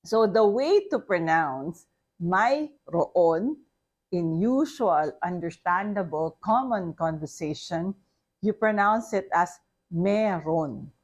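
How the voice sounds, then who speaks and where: A woman teaching a language lesson to foreign learners, speaking slowly and deliberately and often checking understanding with "okay?". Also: lowish voice, expressive. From Philippines.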